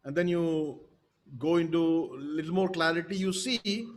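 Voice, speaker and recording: A man with a high voice preaches a sermon as pastor. He talks emphatically and repeats his points, often stopping to check in with the congregation through rhetorical questions. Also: normal speed.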